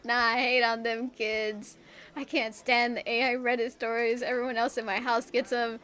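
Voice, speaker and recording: A woman's voice: fairly high pitch, flat delivery, normal speed, fairly bright tone. A young woman streamer chatting casually while she draws, rambling and self-mocking, with a bit of swearing. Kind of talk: casual chat while drawing.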